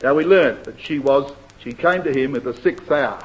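A man's voice: mid-range voice, normal speed. A man preaching an expository sermon on scripture, addressing his listeners as brethren and sisters. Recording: dull lo-fi recording.

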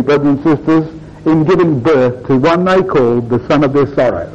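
Fervent high-voiced male preacher. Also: a little mellow, slight background noise, poor audio. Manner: fervent, swoops high when quoting scripture. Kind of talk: sermon.

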